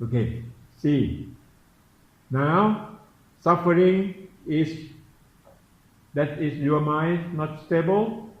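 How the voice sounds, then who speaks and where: A man giving a Buddhist dharma talk, slowly and repetitively questioning his listeners in simple English. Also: fairly high pitch, expressive. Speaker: Buddhist meditation teacher. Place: temple teaching hall. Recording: echoey, dull room recording.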